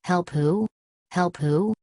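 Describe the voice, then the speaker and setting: A woman's voice: on the low side, takes it slowly, a little mellow, no echo, studio quality. A woman voicing a terrified young male bombardier who cries out in repeated panicked bursts.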